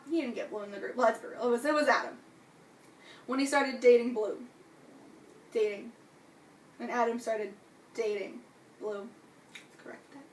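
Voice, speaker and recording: A young adult woman reviewing a book in casual vlog talk, gushing and excitable, full of "like" and "you know". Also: sits high. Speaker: book vlogger. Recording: echoey room, distant from mic.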